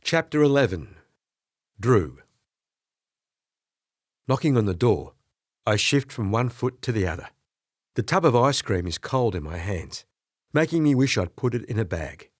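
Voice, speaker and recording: A man narrating an audiobook in the first person, expressive and storytelling. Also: lowish voice, a little slow, pauses often, dry recording, studio quality. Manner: expressive storytelling with character voices.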